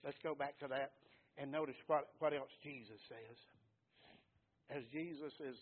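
Male pastor, sermon, emphatic loud-to-soft delivery, lo-fi phone-line quality. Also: mid-range voice, normal speed, a little hiss or hum. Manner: emphatic preaching, swings between loud and hushed. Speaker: preacher. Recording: tinny phone-like sound.

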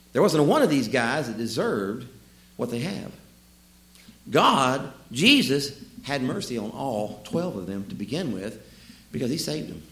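A male preacher who tells humorous, folksy stories from the pulpit. His pitch sits a touch high and swings widely, and his voice rings with a roomy echo. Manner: storytelling, humorous, lively asides. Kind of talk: sermon. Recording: echoey room.

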